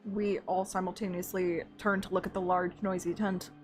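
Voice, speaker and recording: A young woman streaming a game, reacting with giggles and excitement and reading the game text aloud. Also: lowish voice, moderate pace, faint music behind.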